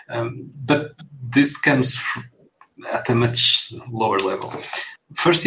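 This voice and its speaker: A man in his forties with a fairly low voice, co-hosting a casual tech podcast. He explains things in a steady, measured way and lays out his points one after another. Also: vocal fry, slight background noise, rough recording. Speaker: podcast co-host.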